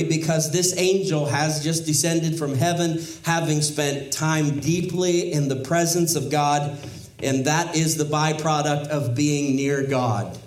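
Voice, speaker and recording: A man's voice: a little high, fairly even intonation, unhurried, echoey room, low-quality recording. A man preaching an expository sermon, teaching in a conversational way with wry asides and emphatic rises in his voice. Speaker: pastor.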